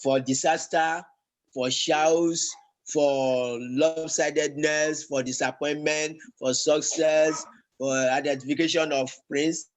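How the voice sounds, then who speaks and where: A man teaching a language lesson, talking slowly and haltingly, with many fillers and repeated words. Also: on the high side, fairly even intonation, poor audio. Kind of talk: classroom lesson.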